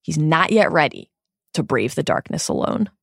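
Low, gravelly-voiced female podcast co-host. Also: big pitch swings, fairly bright tone, no room sound, clean studio sound. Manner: measured, reflective analysis building lists for emphasis. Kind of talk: book discussion podcast.

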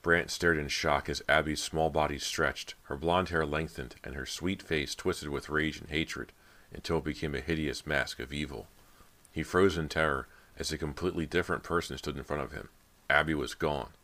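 A man's voice: rumbling low, steady tone, moderate pace, bright, forceful tone. A man narrating a horror audiobook in a dramatic storytelling manner. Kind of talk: scripted narration.

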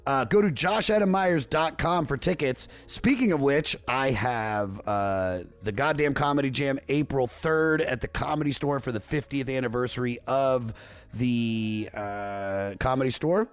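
A man hosting a podcast, reading off plugs and chatting casually in a brisk, offhand way. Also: medium pitch. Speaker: podcast host.

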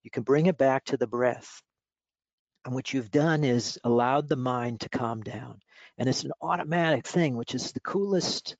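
A man speaking as a mindfulness coach in an interview, explaining exercises in a relaxed, instructive way with many fillers. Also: medium pitch, creaky, no echo. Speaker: mindfulness coach and author, guest. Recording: dull lo-fi audio.

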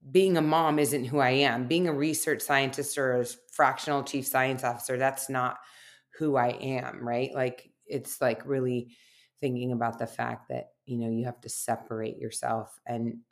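A woman's voice: rumbling low, fairly even intonation, unhurried. A middle-aged woman, a research scientist guest, talking reflectively on a podcast, telling personal stories with many fillers. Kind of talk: casual podcast conversation.

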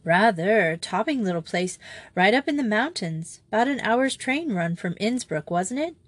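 A woman's voice: mid-range voice, expressive, moderate pace, no room sound, natural voice. A woman voicing a worried, impatient young Englishman in an audiobook reading, with a brusque, slangy manner. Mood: exasperated. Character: young English man, worried elder brother.

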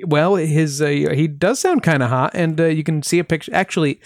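A podcast host telling a true-crime case in casual chat, with wry asides and filler pauses. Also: mid-range voice, no room sound.

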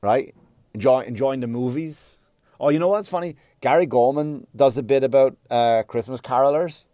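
A man doing a stand-up comedy routine, profane and rambling, with loud mocking outbursts. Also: mid-range voice, normal speed, no echo, studio quality. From Ireland.

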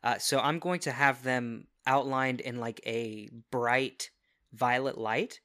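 A man's voice: medium pitch, steady tone, pushed and bright, no echo, studio quality. A man playing a tabletop game, reading out spell rules and chatting about his turn. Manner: explains rules, quick asides. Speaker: player. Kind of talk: casual tabletop game chat.

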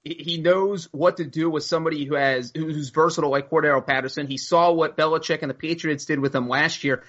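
A man's voice: a little high, fairly even intonation, a bit bright. A man co-hosting a sports podcast, casually breaking down signings with lots of numbers. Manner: stat-heavy, fast analysis. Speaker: podcast co-host. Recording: dull, lo-fi audio.

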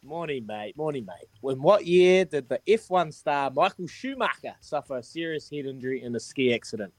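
A man's voice: fairly high pitch, expressive, normal speed, no room sound. A man hosting a breakfast radio quiz, cheery and matey as he counts down the answers.

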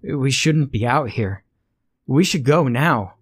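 A man's voice: mid-range voice, takes it slowly, a little mellow, husky, no echo, voice pushed up. A man voicing a frightened, timid young boy whose voice shakes and cracks as he pleads near tears. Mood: frightened, pleading.

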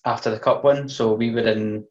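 A man's voice: fairly low pitch, steady tone, moderate pace, dull audio. A young Scottish man co-hosting a football podcast, telling stories casually and swearing freely. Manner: swears freely, storytelling with laughs. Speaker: podcast co-host. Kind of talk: casual chat.

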